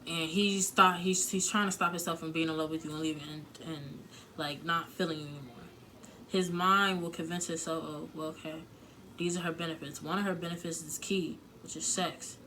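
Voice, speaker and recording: A woman's voice: low voice, steady tone, moderate pace, pushed and bright, slight background noise, rough recording. A young woman giving blunt, emotional relationship advice to her viewers in a casual vlog, swearing freely and leaning on filler words. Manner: candid, emotional, profane, heavy filler words. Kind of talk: casual advice talk to camera.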